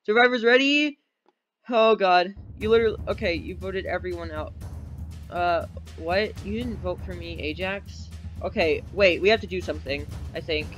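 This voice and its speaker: A man giving excitable live commentary while playing an online game, with a desk microphone. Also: high voice, rough recording. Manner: excitable, quick reactions and exclamations. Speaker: gamer. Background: faint game music.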